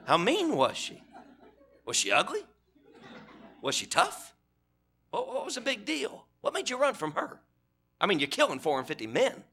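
A man preaches in a church with a very bright, slightly high voice. He tells his stories in a folksy way and builds to fervent, repeated appeals. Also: huge pitch swings, moderate pace, pauses often, a little hiss or hum. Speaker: guest preacher. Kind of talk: sermon. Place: church sanctuary.

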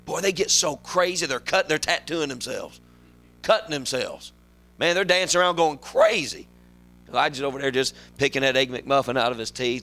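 Male preacher, folksy storyteller, bright and edgy tone, shifts loud to low. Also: normal speed. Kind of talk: sermon.

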